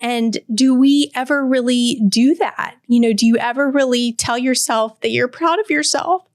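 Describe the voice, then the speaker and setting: A woman's voice: high-pitched, normal speed, no room sound. Earnest woman in her forties, dry sound. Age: 40s. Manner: earnest and heartfelt, speaking directly to the listener. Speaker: podcast host. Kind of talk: reading a personal letter aloud, then reflective solo talk.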